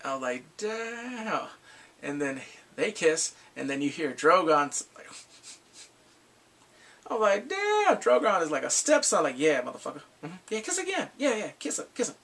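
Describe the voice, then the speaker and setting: A young man recapping a TV episode in casual chat, animated and acting out scenes with loud exclamations. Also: mid-range voice, vocal fry. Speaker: TV show reviewer.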